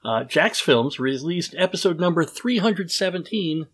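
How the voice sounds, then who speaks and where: A man's voice: a little high, animated, normal speed, a bit bright, slightly rough. Male podcast host, casual and rambling, self-deprecating. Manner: rambling, self-deprecating, lots of fillers and restarts.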